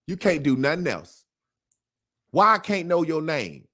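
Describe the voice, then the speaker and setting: Male guest, casual and emphatic, a somewhat high voice that swings widely. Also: measured pace. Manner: animated and emphatic, with slang and repetition. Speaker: interview guest. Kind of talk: casual conversational interview.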